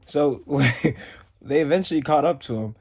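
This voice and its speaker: A man's voice: a little high, a little slow, creaky, a little mellow, husky. Rambling young man telling a story. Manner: rambling, heavy use of "like". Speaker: storytime vlogger. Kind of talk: casual storytelling.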